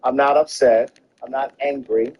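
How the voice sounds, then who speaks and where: A man's voice: mid-range voice, steady tone, a little slow, muffled recording, a little hiss or hum. A man in casual podcast chat, talking emphatically and profanely with hesitant ums.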